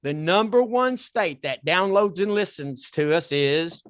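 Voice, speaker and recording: A man with a Southern accent hosting a talk podcast, excitable and repeating himself as he pitches a sponsor. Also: unhurried. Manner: excitable, repeats words and restarts. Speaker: podcast host. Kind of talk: casual chat with a sponsor plug.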